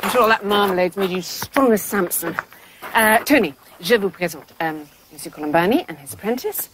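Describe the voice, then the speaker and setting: An actress playing a cheerful, coaxing English expat hostess. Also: female voice, mid-range voice, lively intonation, a little fast, noisy background, natural voice. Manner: bright, coaxing. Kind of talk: TV drama acting.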